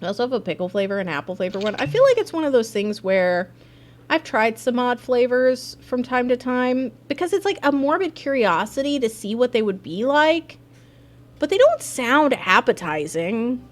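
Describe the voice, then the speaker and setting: A woman's voice: fairly high pitch, sing-song, normal speed. A woman streaming a game live, chatting in a rambling, casual way. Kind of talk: live game playthrough chat.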